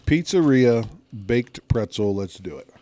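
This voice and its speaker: A man's voice: medium pitch, expressive, unhurried, dark tone, slight background noise. A man co-hosting a casual podcast, teasing his friend with questions while they review snacks. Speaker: podcast co-host.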